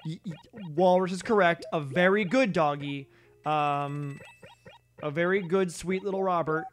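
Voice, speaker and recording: A man's voice: a little high, unhurried, faint music behind. A man streaming a video game, talking casually with many um's, restarts and casual swearing. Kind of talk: casual gameplay commentary.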